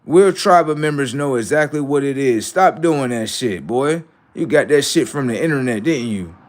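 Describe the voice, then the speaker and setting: A man hosting a livestream, rambling and cursing as he taunts his viewers, dropping to low mutters and then rising into loud, drawn-out jabs. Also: animated. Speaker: livestream host. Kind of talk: casual livestream talk to chat.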